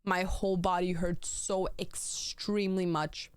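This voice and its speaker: A young woman streaming from home, chatting to her viewers and telling a story in a loose, animated way, full of "like" and casual swearing. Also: on the low side, measured pace, clean tone, dry recording.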